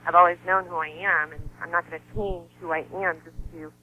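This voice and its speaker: A woman's voice: fairly low pitch, fairly even intonation, a little fast, dull audio, slight background noise. A woman in her thirties, a model and actress guesting on an interview show, talking earnestly and from the heart. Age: 30s. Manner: earnest and heartfelt, laughs easily, voice softens when grieving. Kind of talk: emotional personal interview talk.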